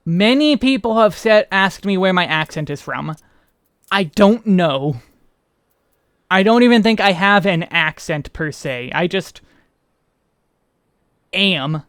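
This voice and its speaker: An American man streaming a game, chatting loosely and joking at his own expense. His voice sits high for a man and comes through smooth and clean. The sound is close and dry, with no room around it. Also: lively intonation, takes it slowly, long pauses, fairly bright tone, dry recording. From United States. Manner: rambling, self-deprecating chatter. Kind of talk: casual gameplay commentary.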